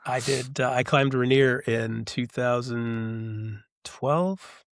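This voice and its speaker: A man telling animated stories as a podcast guest, acting out the voices of people he quotes. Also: medium pitch, slow pace, no echo, clean studio sound. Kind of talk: casual storytelling chat.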